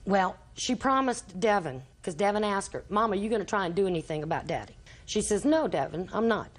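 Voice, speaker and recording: A woman's voice: mid-range voice, lively intonation, fairly quick. Older woman testifying in court. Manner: long storytelling, acts out quoted dialogue. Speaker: litigant in small claims court.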